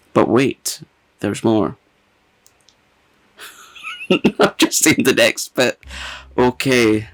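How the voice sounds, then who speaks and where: A man's voice: mid-range voice, extremely slow, pauses often, fairly bright tone, soft background music. A man hosting his own channel, chatting casually and reading a funny review aloud, often breaking into giggles. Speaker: ASMR channel host.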